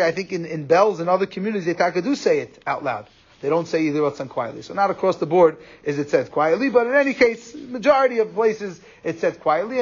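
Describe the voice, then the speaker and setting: A man teaching a Torah class, explaining quickly and animatedly, with Hebrew and Yiddish terms in his English. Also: on the high side. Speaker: rabbi giving a class. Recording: muffled lo-fi recording.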